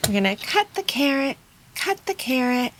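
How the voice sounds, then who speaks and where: A woman speaking slow, exaggerated parentese baby talk to her little child while they play. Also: high-pitched, big pitch swings, a bit bright, a little hiss or hum. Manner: slow, sing-song and exaggerated.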